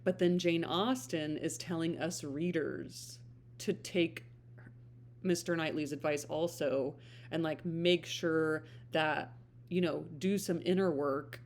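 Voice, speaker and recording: A book reader and vlogger talks casually on her channel, reflecting and thinking aloud as she hunts for the right words. Her voice is low and fairly even in intonation, her pace is slow, and there's a little background noise.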